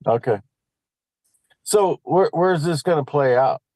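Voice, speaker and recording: A man's voice: a little high, expressive, slow pace, a little mellow, no room sound. A man hosting a talk show, chatting in an easygoing, joking way. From Nebraska. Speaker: host. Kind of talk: casual talk show chat.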